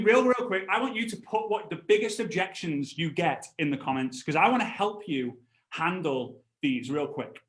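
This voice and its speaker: A man in his thirties giving an animated network marketing training talk. He tells stories, acts out other voices, and breaks into laughs and shouts. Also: high voice, echoey room. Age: 30s.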